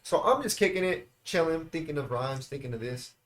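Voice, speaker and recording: A man's voice: a little high, a little fast. A man from Central California, a guest telling a story in casual, profane talk full of slang, who keeps calling the listener "bro.". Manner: animated and profane, heavy slang, often says "bro". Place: house, indoors.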